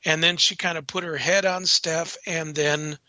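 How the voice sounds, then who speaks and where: A man hosting a radio talk show speaks bluntly and conversationally, in quick bursts. His tone is very bright and slightly high. The sound is dull and lo-fi but dry. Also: fairly even intonation, no echo. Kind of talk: casual radio chat.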